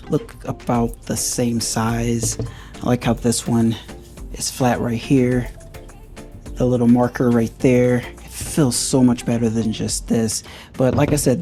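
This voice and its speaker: A man's voice: medium pitch, warm tone. A man casually walking viewers through a hands-on car repair, thinking aloud as he works. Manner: thinks aloud while working, loose and conversational. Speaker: car DIY reviewer.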